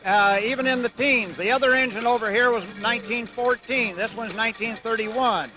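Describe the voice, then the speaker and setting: A man's voice: extremely high pitch, normal speed, over music. A man at an outdoor fair, explaining how old farm engines work in a plain, matter-of-fact way. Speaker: antique engine club member. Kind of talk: interview answers.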